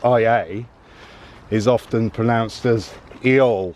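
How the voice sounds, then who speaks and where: A man's voice: fairly low pitch, measured pace, a little hiss or hum. A man, chatting casually and rambling a little while he walks a woodland path and films. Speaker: nature vlogger. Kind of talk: casual walking commentary. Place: woodland path outdoors, walking.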